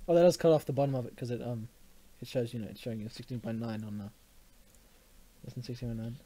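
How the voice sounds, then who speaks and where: A man's voice: medium pitch, fairly even intonation, quick pace, dark tone, no echo. A young man with an Australian accent hosting a live stream, joking and laughing often. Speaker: stream host. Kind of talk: casual live-stream chat.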